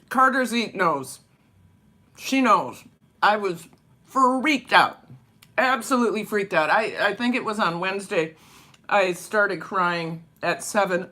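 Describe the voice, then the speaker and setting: A woman chatting her way through breakfast at home, rambling and laughing as she talks. She speaks in an unhurried, drawn-out way. Her voice has a bright, forceful edge. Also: mid-range voice, animated. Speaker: vlogger and dance teacher. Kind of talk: casual vlog chat over breakfast.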